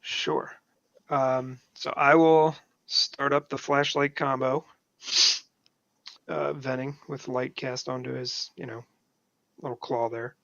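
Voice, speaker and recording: A man with a gravelly voice describes his character's actions in a tabletop game in an easygoing, offhand way. His voice comes through a dull, lo-fi mic with a dry sound and no room echo. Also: mid-range voice, flat delivery, slow, fairly bright tone. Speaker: player. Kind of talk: casual tabletop game chat.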